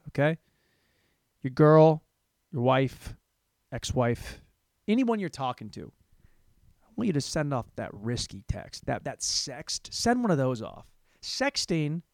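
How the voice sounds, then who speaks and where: A man in his thirties rambles through a crude, self-mocking comedy monologue, and his pitch swings all over the place. His voice sits a little high for a man. The sound is dry and close, with no room echo. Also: darkish tone. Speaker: podcast host. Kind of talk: solo comedic podcast monologue.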